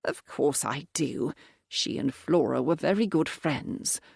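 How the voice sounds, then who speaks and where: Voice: mid-range voice, lively intonation, slow pace, vocal fry, darkish tone, husky, dry recording, studio quality, full character voice. A narrator voicing a frightened, breathless elderly viscount in an audiobook, gasping out his lines. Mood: evasive. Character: panicking, wheezing old male viscount.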